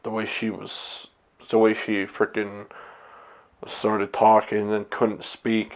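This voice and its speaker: A man's voice: on the low side, monotone, slow pace. A man talking candidly to his own camera, blunt and profane, rambling with restarts as a husband and father. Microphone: camera set up by himself.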